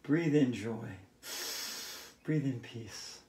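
A woman with a very deep, warm, breathy-edged voice speaks very slowly as she teaches a playful yoga lesson in her home hallway. The instructor is chatty and silly, breaking into song along the way.

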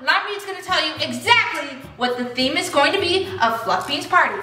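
A woman's voice: sits high, expressive, brisk, very noisy. A woman vlogger chatting to viewers in a bubbly, gushing way about her toy llamas. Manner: bubbly, chatty, gasps and gushes. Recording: echoey room, mic at a distance. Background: faint music.

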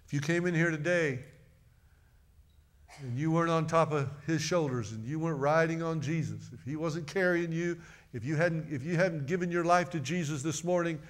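A middle-aged man preaching a sermon in a church, earnest and repeating phrases for emphasis. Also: on the high side. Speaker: pastor. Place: church sanctuary.

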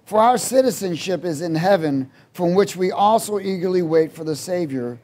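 High-voiced man preaching call-and-response. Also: lively intonation, moderate pace. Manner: swings between loud exhortation and quiet asides. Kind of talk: sermon.

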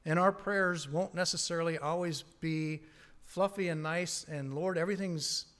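A man's voice: on the high side, unhurried, a bit bright. A man preaching a sermon as pastor from a church pulpit, emphatic and often chuckling between points. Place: church sanctuary.

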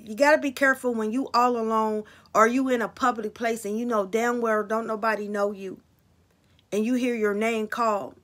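A woman's voice: fairly high pitch, fairly bright tone. A woman card reader talking casually and bluntly to her viewers about spirits and signs, swearing freely.

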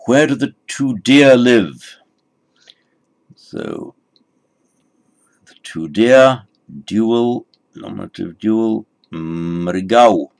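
A man's voice: lowish voice, drawn-out words, creaky, long pauses, darkish tone. A man teaching a Sanskrit lesson, explaining patiently and correcting himself as he goes. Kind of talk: recorded language lesson.

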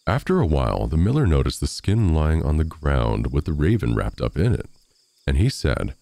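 Very deep, gravelly male storyteller. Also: moderate pace, no room sound. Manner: expressive, animated storytelling. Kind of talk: fairy tale reading.

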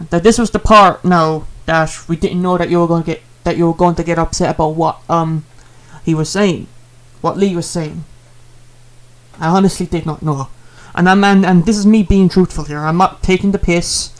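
A man's voice: fairly high pitch, fairly even intonation, normal speed. Rambling earnest man. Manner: rambling, repetitive, earnest with fillers. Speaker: streamer apologizing to a viewer. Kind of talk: casual apology vlog.

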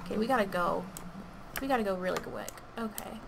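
Woman gamer, fretful live commentary with loud bursts; slight vocal fry, keyboard clatter audible. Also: medium pitch, fairly quick, noisy background. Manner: anxious, pleading, bursts of loud excitement. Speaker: gaming video creator. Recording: keyboard clicking audible behind voice.

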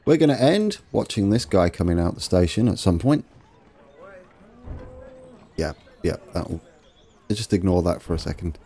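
A man's voice: fairly low pitch, dark tone. A man hosting a let's play, chatting casually and poking fun at his own mistakes while he talks to viewers. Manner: self-deprecating, chatty, talks to viewers while fixing trains. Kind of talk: casual gameplay commentary.

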